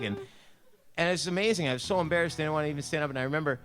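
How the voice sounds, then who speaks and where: A man's voice: a little high, rapid-fire, fairly bright tone. A man leading a church devotion, telling a personal story in a chatty, self-deprecating way full of "like" and "you know".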